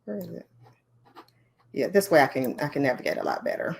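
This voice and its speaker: A woman leading a conference training session on learning design, talking in a lively, chatty way with many fillers and asides. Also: low-pitched, a little fast, gravelly, a little hiss or hum.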